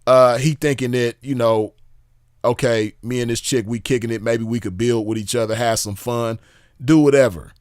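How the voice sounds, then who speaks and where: A man's voice: medium pitch, steady tone, normal speed, darkish tone, no echo, studio quality. A man giving casual, emphatic commentary, repeating himself, swearing and firing off rhetorical questions. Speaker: commentator reviewing drama.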